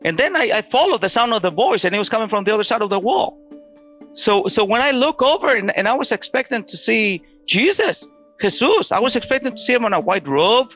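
A middle-aged man earnestly telling a personal story, halting often and restarting his sentences. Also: sits high, sing-song, fairly bright tone, faint music behind. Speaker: storyteller sharing a personal testimony.

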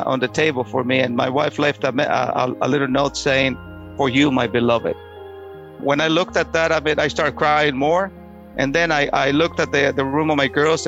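A middle-aged man earnestly telling a personal story, halting often and restarting his sentences. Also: a little high, a bit bright, lo-fi sound. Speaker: storyteller sharing a personal testimony.

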